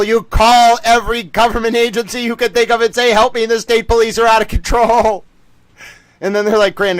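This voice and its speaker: Man, livestream host, fast excitable rant, high voice, dry close sound. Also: no room sound. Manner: rapid, excitable, sometimes yelling.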